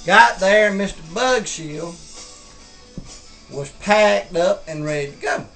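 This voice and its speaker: A man tells a folksy tall tale, drawling and colloquial, chuckling as he goes. His voice sits fairly high for a man. Soft music plays faintly beneath him. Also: lively intonation, slow. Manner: drawling, colloquial, laughs through his telling. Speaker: storyteller. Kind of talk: folksy campfire storytelling.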